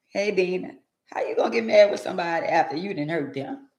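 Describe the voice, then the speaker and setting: A woman's voice: lowish voice, lively intonation, fast talker, a little mellow. An older woman hosting a casual live-stream chat. She talks in a folksy way and leans on emphatic rhetorical questions. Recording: echoey room.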